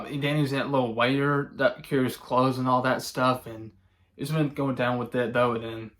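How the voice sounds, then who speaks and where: A man giving a casual spoken movie review, rambling and halting with many fillers and restarts, chuckling now and then as he recounts scenes. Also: medium pitch, a bit bright. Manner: chuckles often while recounting.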